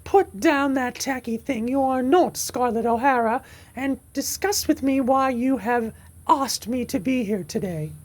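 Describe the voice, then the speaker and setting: A woman's voice: high voice, measured pace, a little mellow. Woman playing a snooty stern sister-in-law. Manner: clipped, cold, scolding. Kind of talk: amateur audio drama.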